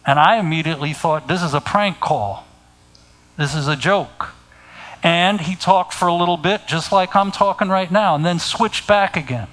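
A middle-aged man preaching a sermon, speaking deliberately and pointing his listeners to scripture. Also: a little high, fairly bright tone, poor audio.

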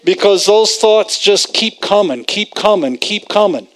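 A man's voice: high voice, lively intonation, a little slow, a bit bright. A man preaching a conversational sermon, repeating phrases for emphasis and quoting scripture.

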